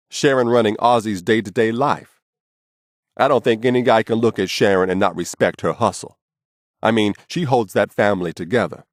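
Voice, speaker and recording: A man's voice: fairly low pitch, no room sound, clean studio sound. A man narrating his own memoir as an audiobook, in a blunt, casual and profane storytelling manner.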